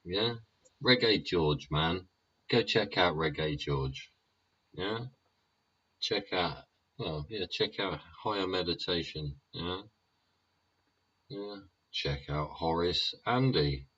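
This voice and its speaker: Low, slow, husky male host, sweary rambler, lo-fi sound. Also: expressive, a bit bright. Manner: rambling, profane, keeps tagging lines with "yeah?". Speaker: YouTube show host. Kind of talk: sweary ranting monologue. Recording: dull lo-fi recording.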